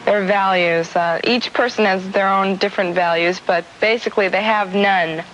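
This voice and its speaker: A woman's voice: mid-range voice, fairly even intonation, normal speed, a bit bright. A teenage girl from California, answering interview questions with giggles and hesitant fillers. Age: teens. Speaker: guest, singer's daughter. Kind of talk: morning TV interview. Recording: dull broadcast audio, faint hiss.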